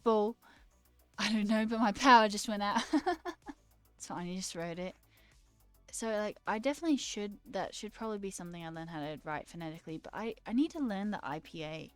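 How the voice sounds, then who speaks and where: A woman's voice: mid-range voice, no echo. A woman streamer in a casual, rambling live-stream chat, talking playfully with her viewers and answering their comments.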